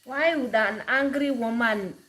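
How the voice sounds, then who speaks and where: Blunt chatty woman, high voice. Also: a bit bright. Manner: blunt, chatty, quick to laugh. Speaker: vlogger. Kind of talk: casual chat to camera. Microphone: camera.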